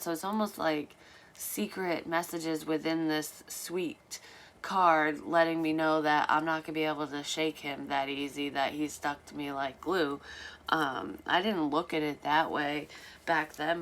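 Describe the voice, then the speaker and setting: A woman's voice: deep voice, steady tone, measured pace, a bit bright. A woman telling a personal story in a casual vlog, candid and rambling, swearing freely and filling gaps with "um".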